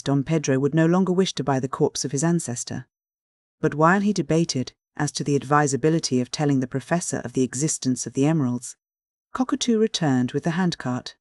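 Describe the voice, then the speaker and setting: A steady audiobook narrator reads a classic mystery with an even storytelling pace. The voice sits at a middling pitch, recorded dry and close. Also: no echo. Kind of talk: scripted narration of a classic novel.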